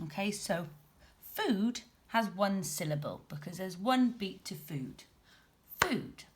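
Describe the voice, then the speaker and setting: A young woman teaching a primary class, explaining patiently, checking in with "okay?", and sounding out words beat by beat. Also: mid-range voice. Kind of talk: recorded home-learning lesson.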